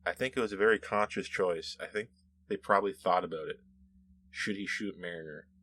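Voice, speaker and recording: A man's voice: low voice, fairly quick, pushed and bright. A man hosting a show, casually reading and answering viewer comments in a rambling, self-correcting way with frequent laughs.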